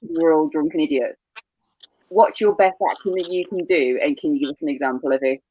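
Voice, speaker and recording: A woman's voice: low voice, a little fast, dark tone, poor audio. A woman chatting on a group video call, cheerfully teasing the others with questions. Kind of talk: casual chat.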